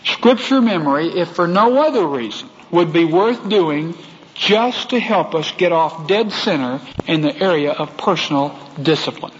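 A Texan man preaching a storytelling sermon, folksy and talking straight to the people in the pews. His voice sits a little high for a man. It carries a long reverb through a big hall, on a slightly dull recording with faint hiss underneath. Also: lively intonation, moderate pace. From Texas. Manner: folksy, addresses the congregation directly.

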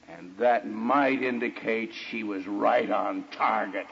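A man preaching a storytelling sermon in an animated way, with his voice jumping high whenever he quotes someone. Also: slow pace, vocal fry, few pauses, slightly rough. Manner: animated, jumps high when quoting others. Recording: dull lo-fi recording with faint hiss.

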